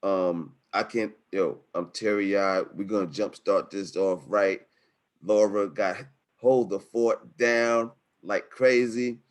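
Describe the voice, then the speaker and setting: A man hosting a webinar from home over a video call, wrapping up with energetic, slangy, emotional talk. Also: on the low side, slow. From New York City. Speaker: webinar host. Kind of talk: hyped-up casual webinar wrap-up. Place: home setup in Harlem.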